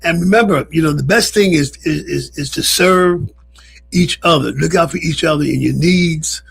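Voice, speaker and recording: A man's voice: fairly high pitch, normal speed, gravelly, fairly bright tone, husky, soft background music. A man co-hosting a casual radio chat show from a studio, telling stories with easy laughter. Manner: laughing storyteller. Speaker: co-host.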